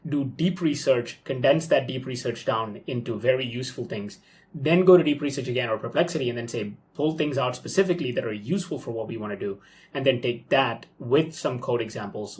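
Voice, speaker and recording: A young man casually talking through his coding workflow live at his computer, excitable and thinking aloud with frequent okays and ums. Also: mid-range voice, a little fast. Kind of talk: casual live screen-recorded walkthrough.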